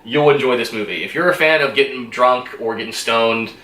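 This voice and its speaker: A man's voice: mid-range voice, fairly quick, bright, forceful tone, roomy sound. A man giving a casual movie review, rambling and enthusiastic, swearing freely and laughing often.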